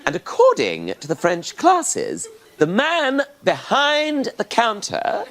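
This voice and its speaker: English male stand-up, high animated voice, wry storyteller, noisy studio recording. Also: slow. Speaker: stand-up comedian on a panel show. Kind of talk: stand-up comedy routine.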